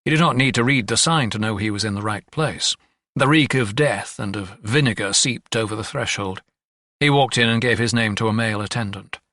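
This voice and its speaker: This audiobook narrator has a lowish voice and reads a script in an even, measured storytelling manner. The recording is studio quality, with no room sound.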